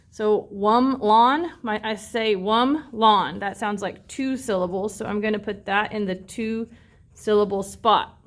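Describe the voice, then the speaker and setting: A woman teaching a phonics lesson, her voice sitting a little on the higher side. She talks students through a worksheet with patience and slows down to sound out each word syllable by syllable.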